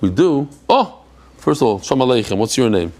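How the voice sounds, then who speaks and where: A man teaching a live Talmud class, animated and chatty, joking with his guests. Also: mid-range voice, brisk.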